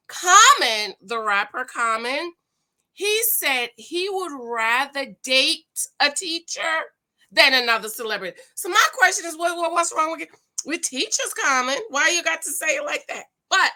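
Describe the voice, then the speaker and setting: A woman talks straight to camera in a relaxed morning vlog from her home. Her voice sits a little high and sounds bright and forceful. She is animated and throws playful asides at her viewers. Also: a little slow. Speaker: vlogger and author. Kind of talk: casual morning vlog chat.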